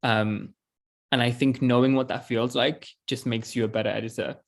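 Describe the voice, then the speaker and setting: A man's voice: medium pitch, fairly even intonation, normal speed, vocal fry. A man in his twenties, an author, talking earnestly in a casual interview over a video call, often laughing and restarting his sentences. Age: 20s.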